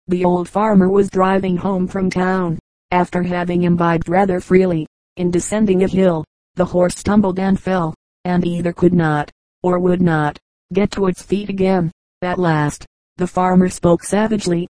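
Woman audiobook reader, measured delivery, warm dark tone, dry close sound. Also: fairly low pitch, level tone, dry recording, rough recording. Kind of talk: scripted narration.

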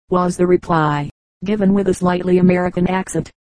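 A woman reading a children's story aloud as an audiobook narrator, in an even, measured way. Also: fairly low pitch, dry recording, poor audio. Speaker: audiobook reader. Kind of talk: scripted narration.

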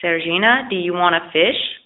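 A woman voicing a kindly, trusting old fisherman who calls out loudly to his animals and speaks gently to them, in a storybook reading. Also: fairly low pitch, moderate pace, lightly acted. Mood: calling, gentle. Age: older. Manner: calling out, gentle and patient. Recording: tinny phone-like lo-fi recording.

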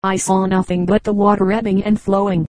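A loyal knight speaks hesitantly in grief, as a woman reading a storybook gives him voice. The lines are plaintive and archaic, with an even pitch and a mellow tone. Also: a little fast, no room sound, natural voice.

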